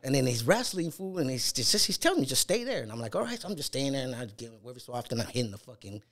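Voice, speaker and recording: A middle-aged man tells stories as a guest in a mid-range, expressive, somewhat bright voice at a quick pace. His casual storytelling is profane, with frequent swearing, and he acts out the voices of those he quotes.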